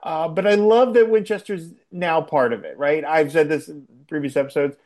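Animated man laughing through a recap. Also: on the high side, normal speed. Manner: animated, laughs often, acts out quoted lines. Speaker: podcast co-host. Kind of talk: casual chat recapping a TV episode.

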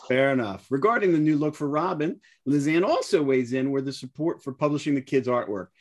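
A man's voice: medium pitch, animated, a little fast. A man co-hosting a podcast, reading listener mail with wry asides and frequent chuckles. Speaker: podcast co-host.

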